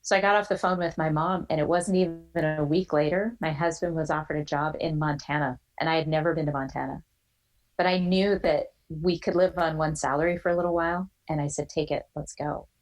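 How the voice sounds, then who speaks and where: Animated woman telling a personal story. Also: low voice, a little fast, rough recording. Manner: animated storyteller, acts out quoted voices. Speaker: guest.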